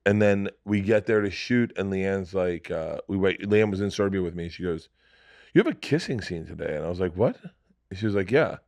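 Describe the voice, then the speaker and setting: A middle-aged man with a fairly low voice tells a story in a casual podcast chat. He is crude and animated, and he slips into other people's voices as he goes. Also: fairly quick. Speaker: podcast guest.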